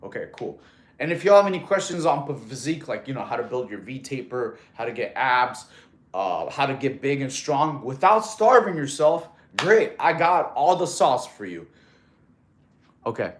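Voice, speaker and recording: A man's voice: mid-range voice, big pitch swings, moderate pace. Easygoing male streamer in an echoey room. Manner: laid-back slangy talk, calls viewers bro. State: out of breath while counting push-ups. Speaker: fitness livestreamer. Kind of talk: casual livestream chat.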